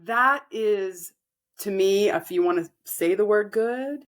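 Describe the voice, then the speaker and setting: A woman co-hosting a podcast, calmly explaining spiritual ideas and acting out inner dialogue. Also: mid-range voice, slow pace. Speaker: podcast co-host. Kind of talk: casual spiritual chat.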